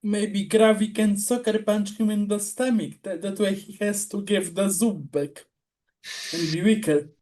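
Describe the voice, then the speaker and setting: A man playing in a casual tabletop game, giving slow, drawn-out replies. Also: high voice, steady tone, darkish tone. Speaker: player.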